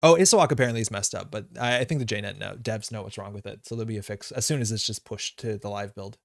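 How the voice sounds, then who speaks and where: A man's voice: fairly low pitch, fast, creaky, dry recording, clean studio sound. A man streaming a card game live, thinking his moves through aloud in a casual way with plenty of fillers. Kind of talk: live gameplay commentary.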